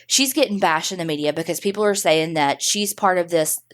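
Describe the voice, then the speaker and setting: A woman's voice: lowish voice, fairly quick. A woman co-hosting a podcast, telling a true-crime story casually, chatty and swearing freely. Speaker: podcast co-host.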